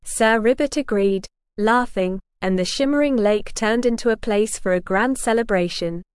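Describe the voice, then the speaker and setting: A woman narrating a children's storybook in a gentle, even read-aloud manner. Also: fairly high pitch, normal speed, clean tone, no echo, studio quality.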